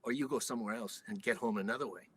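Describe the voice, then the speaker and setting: A man's voice: lowish voice, fast talker, a bit bright, husky, voice pushed down. Man putting on a stern bus driver, Hawaiian Pidgin accent, blunt and scolding, storytelling voice.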